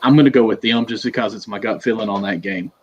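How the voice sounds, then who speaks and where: A man's voice: fairly low pitch, fast, lo-fi sound, a little hiss or hum. A young man from Appalachia on a sports panel, teasing the others in a joking way. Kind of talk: casual sports chat.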